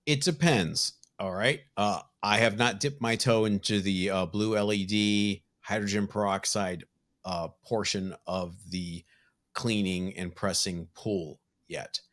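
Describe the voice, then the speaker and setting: A man's voice: fairly low pitch, steady tone, unhurried, fairly bright tone. A man co-hosting a podcast in casual chat, wry and teasing toward his partner. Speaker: podcast co-host.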